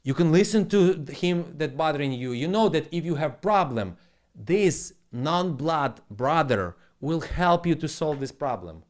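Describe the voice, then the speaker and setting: A man's voice: fairly high pitch, lively intonation, a little slow. A man on a casual live stream at his home setup, rambling bluntly and with plenty of swearing, in broken English.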